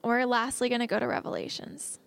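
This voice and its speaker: A woman's voice: fairly high pitch, brisk, gravelly. A young woman giving a casual sermon, earnest and conversational, reading scripture and talking it through. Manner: earnest and conversational, slips into excited laughs. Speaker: speaker teaching a Bible message.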